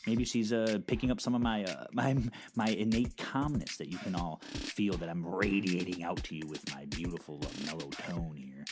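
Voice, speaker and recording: A middle-aged man with a somewhat low voice rambles through his own podcast, cursing casually and tripping over his words. Music plays clearly under his voice the whole time. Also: normal speed, hardly any pauses. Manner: rambling, profane, with many fillers and restarts. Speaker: podcast host. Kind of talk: casual monologue. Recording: music playing behind.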